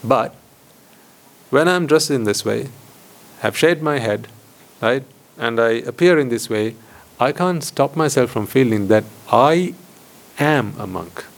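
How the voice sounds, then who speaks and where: Monk, male, mid-pitched, rhetorical teaching talk with repeated phrases. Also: lively intonation, a little slow, long pauses. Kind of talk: dharma talk to lay audience. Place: hall with board.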